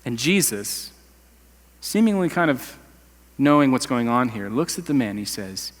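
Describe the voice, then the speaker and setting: A man's voice: medium pitch, very animated, measured pace, in a large hall. A male pastor preaching a sermon in a conversational, emphatic way, with casual slang. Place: church sanctuary.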